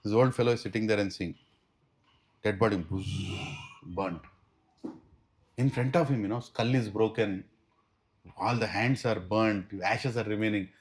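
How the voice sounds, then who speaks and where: A man with an Indian English accent teaching a spiritual class through stories, animated and switching between Hindi and English. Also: fairly low pitch, a little slow, pauses often. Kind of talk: storytelling class talk.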